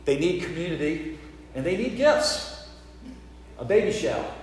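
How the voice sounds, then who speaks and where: A man from the American South with a Southern accent, a priest giving a sermon and telling stories with lively quoted voices. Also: on the high side, normal speed, a little hiss or hum. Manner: storytelling, animated when acting out quotes. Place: church. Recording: roomy church with long reverb, faint ambience.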